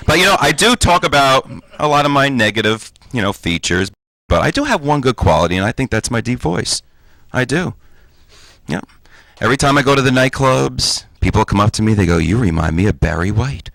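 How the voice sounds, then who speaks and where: A man's voice: mid-range voice, lively intonation, fairly quick, vocal fry, a bit bright, no echo. A man in his forties doing a stand-up comedy set on stage, with punchy, self-mocking delivery. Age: 40s. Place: stage before a live audience.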